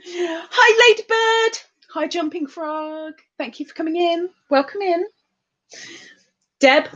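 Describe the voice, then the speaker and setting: A high, bouncy woman, her voice leaping all over the place as she greets viewers one by one. She takes her time over each word, singing out hellos and giggling between comments. The sound is a little dull and lo-fi. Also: animated, slow pace, long pauses, a bit bright. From England. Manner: chatty, sing-song greetings, giggly. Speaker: livestream host. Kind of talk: casual livestream chat reading comments.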